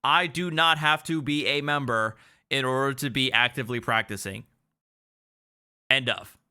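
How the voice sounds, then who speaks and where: A man's voice: mid-range voice, normal speed, pushed and bright, clear, resonant tone. A man, an attorney, giving sardonic, incredulous livestream commentary on clips he plays.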